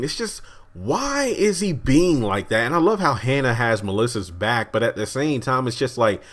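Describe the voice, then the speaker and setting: A man giving a casual, rambling video review of a TV episode. He talks in an animated way, often restarts his sentences and chuckles as he goes. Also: mid-range voice.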